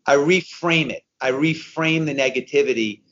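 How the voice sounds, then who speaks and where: A man of fifty-one, a guest telling a race story in casual conversation, animated and repeating himself as he goes. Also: a little high, moderate pace, dull audio. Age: 50s. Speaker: guest, endurance racer.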